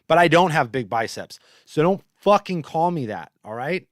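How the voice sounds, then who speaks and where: A man's voice: fairly high pitch, normal speed, no echo, studio quality. A man hosting a show, telling stories in a casual, profane, rambling monologue. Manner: profane, animated storytelling. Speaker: host.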